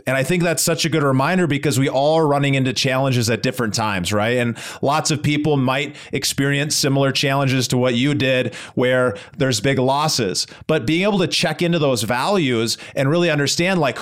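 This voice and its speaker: A man hosting a podcast, replying to his guest in an earnest, sympathetic way and thinking aloud. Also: mid-range voice. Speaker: podcast host. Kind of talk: reflective interview reply.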